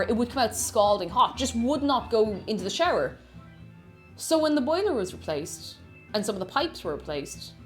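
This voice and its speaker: A woman streaming herself cooking, chatting casually, reading viewer messages aloud and reacting, often stammering and restarting. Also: medium pitch. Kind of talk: casual chat while cooking live. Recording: music playing in the background.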